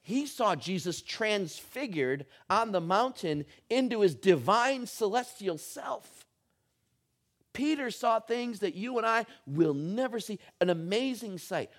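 A man's voice: high voice, takes it slowly. Middle-aged guy preaching, funny story, voice jumps up and down a lot. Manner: storytelling, animated and humorous. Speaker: pastor. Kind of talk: sermon.

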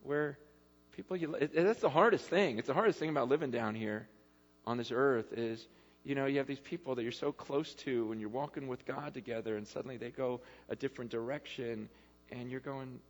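A man preaching a casual, conversational sermon, excitable and acting out the lines he quotes. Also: medium pitch, fairly quick, big-room sound. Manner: excitable, casual, acts out quotes with lively swings. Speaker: pastor.

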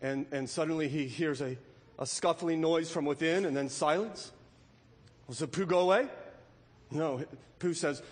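An emphatic male pastor preaching a sermon, his voice pitched high for a man. He keeps checking in with the congregation. A long hall reverb trails his words through a large church sanctuary. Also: moderate pace. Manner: emphatic, keeps asking "right?".

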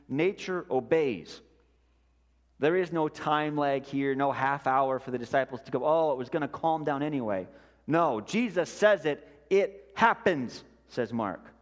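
Pastor guy preaching, slow and deliberate, goes soft on the big words, long echoey hall. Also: a little high, expressive. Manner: slow, deliberate, dropping softly on key words. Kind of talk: sermon.

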